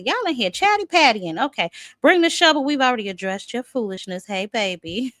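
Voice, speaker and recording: A woman's voice: on the high side, lively intonation, brisk, a bit bright, no echo. A chatty woman hosts a boxing live stream and banters with her viewers, greeting them by name and teasing them. She talks with lots of fillers and restarts. The recording is dry and close, with almost no room sound. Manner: filler-heavy with many restarts. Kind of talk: casual live stream commentary.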